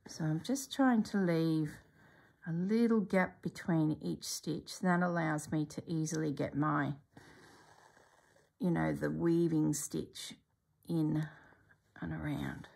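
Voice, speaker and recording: Low, gravelly woman, slow and musing. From Australia. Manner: calm, musing, often slipping into a soft whisper. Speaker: embroidery tutor. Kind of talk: stitch-along craft tutorial.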